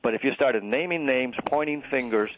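A man on a talk radio show, giving his opinions bluntly with a wry edge, in a voice of middling pitch. His line sounds a little dull and muffled, though it stays dry. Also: moderate pace, dry recording. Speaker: radio guest. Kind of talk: political talk radio discussion.

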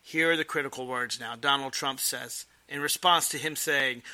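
A man's voice: medium pitch, moderate pace, bright, forceful tone. A man giving political commentary in an emphatic, sarcastic way. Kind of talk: explanatory commentary.

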